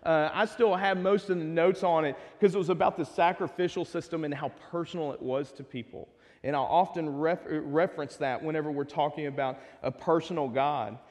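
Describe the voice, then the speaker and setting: High-voiced Texan pastor, joking, in a hall. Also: male voice, steady tone, a little fast, darkish tone. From Texas. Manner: conversational and joking, with asides to the congregation. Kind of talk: casual sermon. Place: church sanctuary. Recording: long hall reverb.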